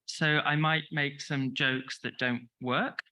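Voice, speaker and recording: A man's voice: a little high, steady tone, takes it slowly, pushed and bright, low-quality recording. A man with a London accent gives a chatty, self-deprecating conference talk, short on sleep and full of restarts. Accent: London English. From England. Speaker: conference speaker. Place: conference hall.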